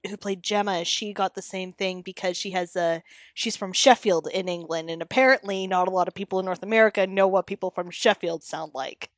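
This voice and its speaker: A woman's voice: mid-range voice, fairly even intonation, fairly quick, no room sound. A woman in a casual chat, adding dry asides between laughs.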